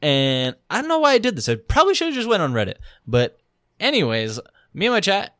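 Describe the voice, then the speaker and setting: A man's voice: high voice, wildly swooping pitch, fairly quick, a bit bright, no room sound, clean studio sound. A man who streams, chatting casually and telling a rambling story with laughs. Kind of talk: casual chat.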